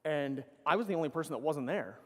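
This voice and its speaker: A man's voice: a little high, lively intonation, quick pace, a bit bright. A middle-aged man giving a casual, profane, rambling conference talk on stage, correcting himself as he goes. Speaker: conference speaker. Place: large conference hall. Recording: reverberant conference hall.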